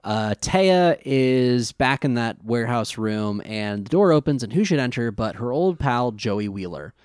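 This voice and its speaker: A man co-hosting a podcast, casually recapping an episode in an animated, rambling way with fillers. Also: mid-range voice, measured pace, clear, resonant tone, dry recording, studio quality.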